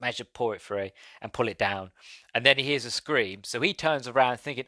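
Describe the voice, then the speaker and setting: Young man, podcast host, rambling and self-correcting, bright forceful tone, dry close sound. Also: medium pitch, quick pace, no echo. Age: young adult. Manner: rambling, self-correcting, laughs as he recounts scenes. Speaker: podcast host, film reviewer. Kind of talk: casual film review chat.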